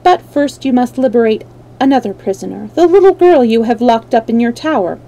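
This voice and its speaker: A gentle girl ruler speaking quietly and with calm authority, as a woman reader gives her voice. The tone is soft and mellow, a touch high. It is storybook reading. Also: brisk, poor audio. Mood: composed. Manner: quiet, composed and firm.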